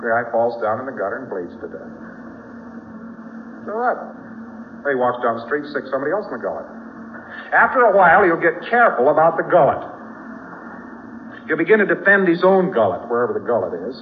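A man's voice: medium pitch, big pitch swings, a little fast, pauses often, narrow, tinny audio, slight background noise. A man giving a spoken lecture, telling folksy stories with frequent asides.

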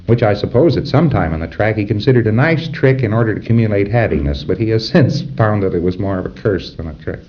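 Low-voiced man lecturing on dull tape. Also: animated, fast, hardly any pauses. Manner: conversational, acts out dialogues and chuckles at his own examples. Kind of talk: informal lecture to trainees.

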